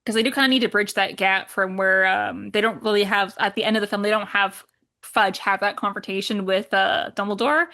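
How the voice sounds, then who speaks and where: A woman's voice: medium pitch, steady tone, a little fast, sharp tone. A woman co-hosting a podcast, chatting casually about a film, with frequent fillers and laughs. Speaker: podcast co-host. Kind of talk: casual film review chat.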